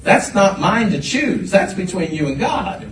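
A man delivers a lively sermon in a church, his slightly high voice carrying through an echoey sanctuary. He repeats his words and builds to bursts of shouting. He sounds set back from the microphone, with faint room noise around him. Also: a little slow, distant mic. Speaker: pastor.

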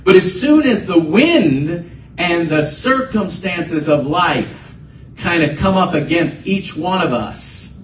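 A man's voice: a little high, animated, slow, a little hiss or hum. A man preaching a conversational sermon as a pastor, building to emphatic bursts. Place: church sanctuary. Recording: echoey room, voice from a distance, faint ambience.

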